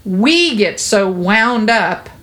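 A woman's voice: medium pitch, expressive, extremely slow, fairly bright tone. A woman talking earnestly and reassuringly in an interview about caring for babies, with plenty of fillers. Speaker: parenting guest. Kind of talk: conversational interview.

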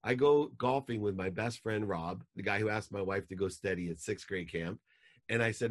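A man telling an emotional personal story as a podcast guest, growing animated as he relives it. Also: lowish voice, normal speed.

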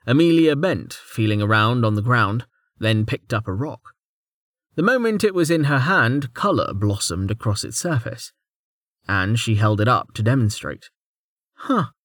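A man narrating a fantasy audiobook with expressive storytelling. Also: mid-range voice, moderate pace, dry recording, studio quality. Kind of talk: scripted narration.

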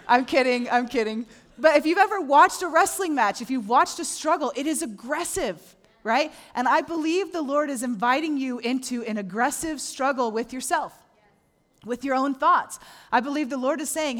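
Woman pastor, middle-aged, sermon, animated delivery, acts out quoted voices. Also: on the high side, a little fast.

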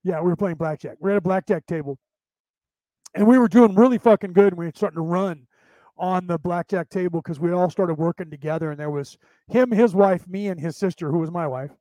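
A man's voice: high voice, brisk, mellow, no echo, low-quality recording. A man hosting a podcast, talking in a casual, rambling, crude and profane way and laughing often. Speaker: podcast host.

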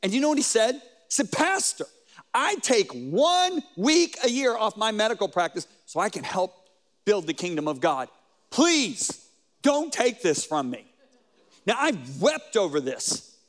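A man's voice: high-pitched, very animated, normal speed. A man preaching a sermon, telling stories and quoting conversations, with frequent rhetorical questions.

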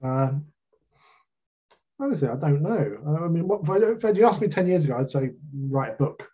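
A British man talks in an easy, rambling way, full of jokey asides at his own expense. His voice is husky and slightly rough, at an ordinary pitch. The recording sounds a little dull and lo-fi. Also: animated, moderate pace. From Britain. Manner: chatty, self-deprecating, jokey asides. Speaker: author being interviewed. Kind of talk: casual interview chat.

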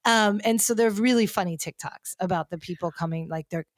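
A woman's voice: mid-range voice, brisk, few pauses, dry recording, studio quality. A woman hosting a podcast, chatting animatedly about pop culture with lots of fillers. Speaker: podcast host. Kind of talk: casual pop culture chat.

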